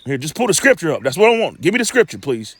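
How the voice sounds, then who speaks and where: A man's voice: high-pitched, big pitch swings, racing, husky, no room sound. A man teaching scripture in a loose sermon style, rambling and emphatic, with lots of stammering restarts and streetwise asides.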